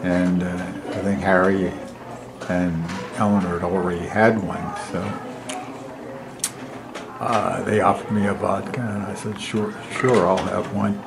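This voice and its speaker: A man, a family friend, slowly telling an amused anecdote at a memorial dinner. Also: low-pitched, fairly even intonation, gravelly. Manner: slow, unhurried, amused. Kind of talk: casual storytelling at a memorial dinner. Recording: noisy room.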